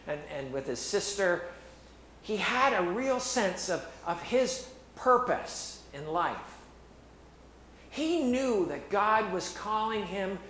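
A man's voice: on the high side, a bit bright, slight background noise. Earnest man preaching in an echoey room. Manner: earnest, halting with many restarts. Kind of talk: sermon. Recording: echoey room with faint ambience.

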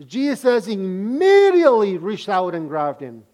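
A man's voice: high voice, animated, unhurried, a little mellow. A man preaching a sermon, reading scripture and explaining it to listeners with frequent questions and restarts. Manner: repeats words and restarts phrases.

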